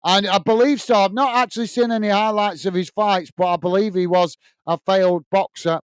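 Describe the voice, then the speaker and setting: High, smooth-voiced man hosting. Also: steady tone, brisk, no echo. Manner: chatty, reads viewer comments aloud and answers them; blunt and opinionated. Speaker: host. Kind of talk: live football watch-along chat.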